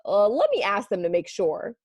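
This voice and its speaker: A woman's voice: medium pitch, huge pitch swings, normal speed, a little mellow, no echo. A woman voicing a cheerful, kindly male baker who speaks in a friendly way and hesitates when surprised. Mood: gently puzzled.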